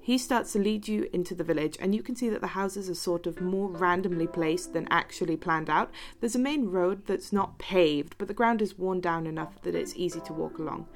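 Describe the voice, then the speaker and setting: A woman's voice: fairly low pitch, a little fast, hardly any pauses, soft background music. Woman narrating a tabletop game. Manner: relaxed, chatty, hedging. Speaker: game master.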